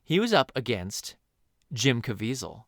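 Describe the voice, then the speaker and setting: A man's voice: medium pitch, unhurried, dry recording, clean studio sound. A man co-hosting a podcast, chatting casually about films and packing in trivia with lots of chuckles. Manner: animated, trivia-loaded, chuckles often. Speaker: podcast co-host. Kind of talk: casual movie chat.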